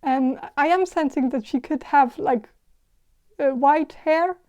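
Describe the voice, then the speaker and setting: A woman giving a casual tarot reading, talking in a halting, hesitant way with many fillers and restarts. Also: sits high, a little mellow. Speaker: tarot reader.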